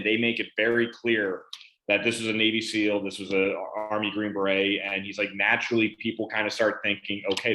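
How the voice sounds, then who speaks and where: A man's voice: lowish voice, pushed and bright. A man, a veteran on a panel, casually telling a story about his benefits and retelling conversations in quotes. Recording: roomy echo.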